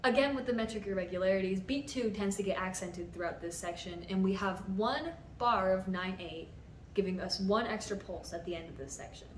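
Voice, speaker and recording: A woman's voice: medium pitch, a little fast. A young woman composer explaining the theory behind her own piece in a patient, methodical way, sometimes counting beats aloud. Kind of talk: explanatory music-theory talk. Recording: roomy sound from a distant mic, music underneath.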